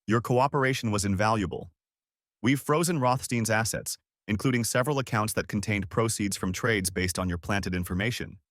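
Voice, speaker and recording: A man's voice: fairly low pitch, a little fast, a bit bright, dry recording, studio quality, natural voice. A man voicing a tired but satisfied female federal agent who speaks matter-of-factly, in a story reading.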